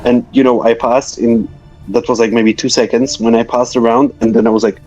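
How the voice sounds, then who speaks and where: A man from Slovakia with a Slovak accent recounts his story in a hesitant, filler-heavy way, his phrasing plainly nonnative. He is in his thirties and talks at a mid pitch. The audio is muffled and lo-fi, with faint music running behind him. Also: level tone, brisk, a little mellow. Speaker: guest. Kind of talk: casual storytelling interview.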